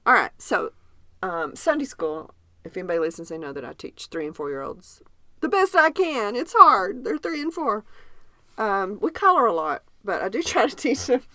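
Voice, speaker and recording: On a podcast, a female co-host tells stories in casual conversation, animated and laughing often. Her mid-range voice moves at a normal speed, with studio-quality sound and no echo.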